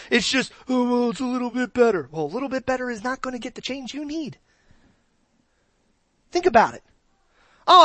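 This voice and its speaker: A woman's voice: high-pitched, a bit bright, no echo. A woman preaching a casual sermon, joking and acting out little quoted voices as she goes. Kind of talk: conversational sermon.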